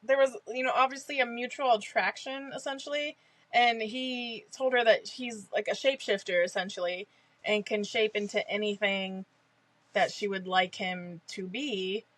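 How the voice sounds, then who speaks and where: A woman's voice: medium pitch, fairly even intonation, moderate pace, fairly bright tone, dry recording. Dry-sounding woman podcaster, laughing chat. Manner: laughing, chatty commentary. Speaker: podcast co-host. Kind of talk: casual chat, book discussion.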